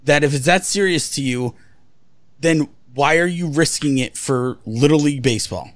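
A man's voice: on the high side, moderate pace, dry recording. A man co-hosting a podcast, ranting bluntly with lots of swearing. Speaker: podcast co-host. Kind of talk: casual podcast chat.

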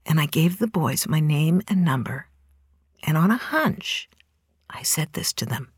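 A middle-aged woman telling a personal story in a measured way, dropping to a hushed near-whisper at tense moments. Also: low-pitched, animated, slightly rough, no room sound, studio quality.

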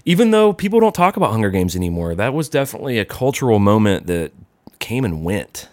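A man's voice: fairly low pitch, sing-song, fast, darkish tone, no room sound. A man co-hosting a casual chat, laid-back and wry. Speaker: podcast co-host.

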